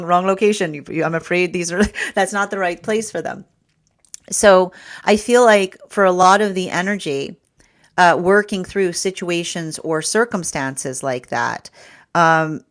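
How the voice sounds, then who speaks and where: A woman giving a spoken tarot reading, rambling, with frequent repeated words and fillers. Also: sits low. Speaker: tarot reader.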